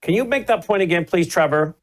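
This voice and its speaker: An animated male talk show host whose voice swings widely up and down. He speaks emphatically and breaks into laughter easily. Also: sits high, fairly quick.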